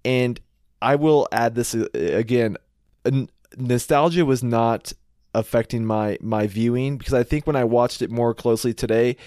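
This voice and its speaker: A man co-hosting a casual podcast chat about a TV show, relaxed and talkative, often repeating his words. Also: medium pitch, normal speed, dry recording, studio quality. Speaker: podcast co-host.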